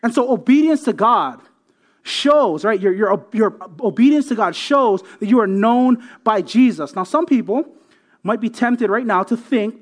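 This pastor's voice sits high and sounds animated, moving at a measured pace through his sermon. Emphatic throughout, he repeats words to build his points and keeps checking in with "right?"

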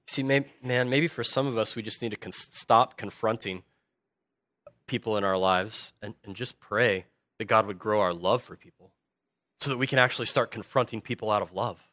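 A man preaching a sermon as a pastor, swinging from hushed earnest lines to loud animated bursts. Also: on the low side, normal speed, no echo.

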